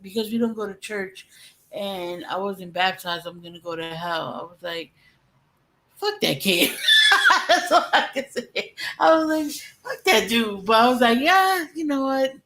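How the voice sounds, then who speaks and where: A woman's voice: medium pitch, moderate pace, a bit bright, a little hiss or hum, poor audio. A woman, a mother, chatting on a casual stream, blunt and laughing through her stories. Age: adult. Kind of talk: casual livestream chat.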